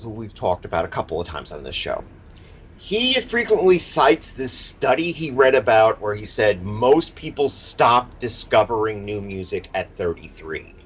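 A man's voice: medium pitch, fairly bright tone, slight background noise. A man chatting casually on a podcast, opinionated and emphatic, swearing freely. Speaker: podcast co-host. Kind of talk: casual chat. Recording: dull lo-fi sound.

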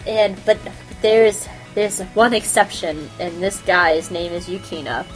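A woman hosting a podcast, chatting casually and excitedly about anime, giggling and gushing as she talks. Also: lowish voice, measured pace, soft background music. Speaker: podcast host. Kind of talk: casual anime review chat.

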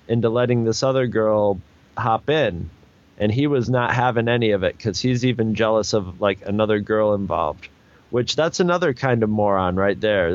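A man with a medium-pitched voice, its high frequencies cut off, tells a long, casual anecdote as a storytelling guest. He rambles, restarts often and leans on fillers, acting out other people's lines in raised voices.

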